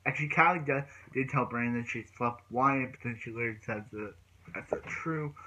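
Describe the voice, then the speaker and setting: A man's voice: mid-range voice, normal speed, bright, forceful tone, dull audio. A man recapping a TV episode in a casual, rambling way, restarting his sentences often. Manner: rambling retelling with many restarts. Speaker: TV show reviewer.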